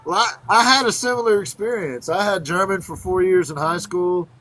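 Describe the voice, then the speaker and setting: An easygoing man hosts a casual interview, chatting and agreeing with his guest. His voice sits fairly high for a man. He talks in a relaxed, friendly back-and-forth. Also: normal speed, a little hiss or hum, poor audio.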